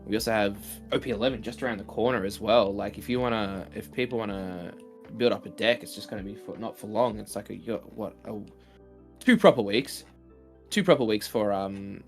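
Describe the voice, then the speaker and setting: A man co-hosting a card game livestream, relaxed and rambling, often dropping into quieter asides while greeting viewers. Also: lowish voice, fairly quick, soft background music. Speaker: co-host and commentator. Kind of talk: casual livestream commentary.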